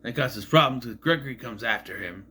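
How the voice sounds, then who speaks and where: A man's voice: mid-range voice, animated, a little fast, sharp tone, husky. A man casually recapping a movie in a rambling, musing way, often admitting he is unsure. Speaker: movie reviewer.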